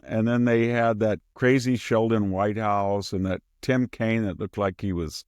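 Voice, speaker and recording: A man hosting a podcast, giving casual political commentary as an animated storyteller who slips into mimicking the people he quotes and chuckles mid-sentence. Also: fairly low pitch, no room sound, studio quality. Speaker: podcast host.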